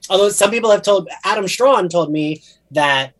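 A co-host from New Jersey talks in a New Jersey accent, chatting casually about a TV series. The pitch moves in a lively way and the voice is a little husky. The talk rambles, full of fillers and restarts. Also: normal speed. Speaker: podcast co-host.

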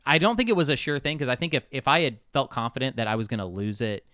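A man with a smooth, clear voice talks loosely about a board game session, joking and circling back on himself. The sound is dry and close. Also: medium pitch, sing-song, fast, fairly bright tone, no echo. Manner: rambling, jokey, self-interrupting. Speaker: podcast co-host. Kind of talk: casual chat about board games.

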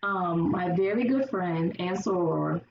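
A woman guest in casual conversation, telling her stories lively and acting out the people she quotes. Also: fairly low pitch, unhurried, gravelly. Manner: animated storyteller acting out quoted voices. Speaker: podcast guest. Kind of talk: casual chat. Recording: roomy, distant, dull sound with faint hiss.

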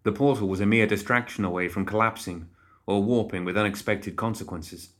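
A man reads a fantasy audiobook in a measured, even way. His voice sits on the low side, and the telling is calm and steady. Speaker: narrator. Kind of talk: scripted audiobook narration.

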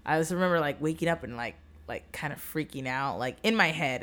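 A woman's voice: low voice, a little fast, hardly any pauses, a bit bright. A young woman chatting casually on a podcast, candid and profane, telling a dating story with many fillers. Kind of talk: casual chat.

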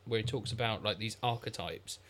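A man's voice: lowish voice, a little fast, fairly bright tone, slight background noise. A man co-hosting a film review podcast, talking in an analytical, rambling way. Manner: analytical, rambling with many "like" fillers. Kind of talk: casual film review chat.

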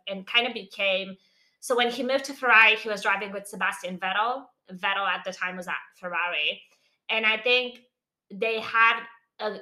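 A woman with a bright, clear tone talks through a topic in a loose, chatty way. She strings thoughts together with lots of "like" and "um", laughing now and then as she goes. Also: medium pitch. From non-English name, living in London. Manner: chatty, explains with many fillers and laughs. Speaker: podcast co-host. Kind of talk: casual chat.

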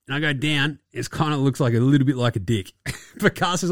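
A young man hosts a basketball chat in a loose, crude way, full of sarcasm and swearing. His voice sits at a middling pitch and sounds dry and close, with no room echo. He talks casually, like a regular host riffing to his listeners. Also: fairly quick. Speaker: podcast host.

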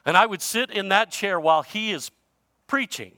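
A man preaching a sermon as a pastor, telling a comic story with animated swings between loud and hushed delivery. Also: high-pitched, measured pace, no echo.

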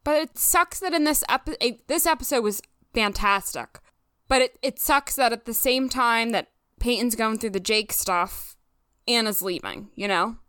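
A woman co-hosting a casual rewatch podcast, chatty and quick to laugh. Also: fairly high pitch, sharp tone, smooth, no room sound, studio quality. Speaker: podcast co-host.

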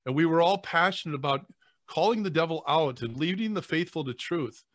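A man's voice: fairly high pitch, animated, a little fast, dry recording. Earnest male priest on a podcast, stumbling over his words when moved, dry close sound. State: choking back tears. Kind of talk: emotional podcast conversation.

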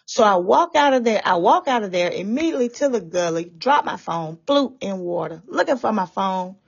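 A woman's voice: mid-range voice, lively intonation, normal speed, gravelly, slightly rough. A woman giving a fervent, tearful religious testimony about a dream, repeating herself as she talks. The recording sounds dull and lo-fi. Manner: fervent, repetitive, often tearful. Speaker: testifying believer.

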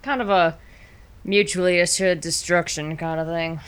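A woman's voice: on the low side, fairly even intonation, normal speed, clean tone. A woman player in a tabletop game with a dry, wry way of speaking. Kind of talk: tabletop role-play.

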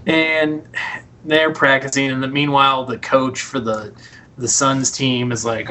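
Guy rambling thru a movie recap on a podcast, acts out lines, bit of low rumble in back. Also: moderate pace, fairly bright tone. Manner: rambling, retells scenes in quoted voices. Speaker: podcast co-host. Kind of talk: casual movie recap chat.

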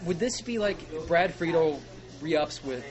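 A man's voice: on the high side, lively intonation. A man co-hosting a soccer podcast in casual chat, loosely tossing out hypothetical scenarios. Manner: posing hypotheticals, quick and loose. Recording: loud crowd behind.

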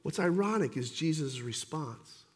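A man preaching a sermon as pastor, swinging between forceful emphasis and quiet intensity. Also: on the high side, expressive, measured pace, breathy edge.

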